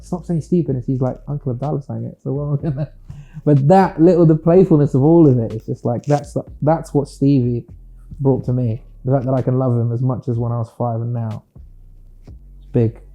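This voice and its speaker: A British singer-songwriter speaking in a casual interview, reflective and playful, often slipping into quoted voices. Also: male voice, medium pitch, warm tone. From United Kingdom.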